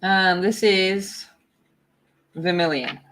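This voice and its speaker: A woman hosting a coloring livestream, chatting casually and excitedly greeting her viewers by name. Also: mid-range voice, very slow. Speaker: art livestream host.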